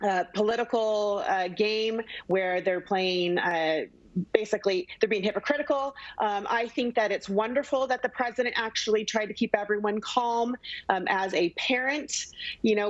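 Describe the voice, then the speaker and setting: A woman's voice: mid-range voice, dry recording. Confident woman strategist on a dull feed. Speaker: political strategist guest. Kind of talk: political commentary on live TV.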